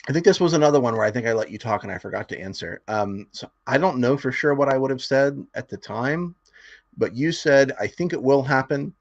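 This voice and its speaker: His mid-range voice is lively and fairly quick as he co-hosts an informal politics podcast, reading statistics from notes. He laughs a lot and uses many fillers, and the sound is dry, dull and lo-fi with no echo.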